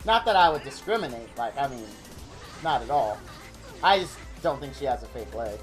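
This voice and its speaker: A man live-streaming a game, rambling excitably and thanking viewers in chat by name. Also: mid-range voice, normal speed. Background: faint game music.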